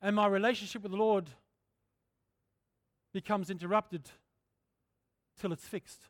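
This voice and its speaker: A middle-aged man preaching a sermon in a candid, conversational way, often clearing his throat. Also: sits high, steady tone, measured pace, dry recording, studio quality. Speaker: pastor.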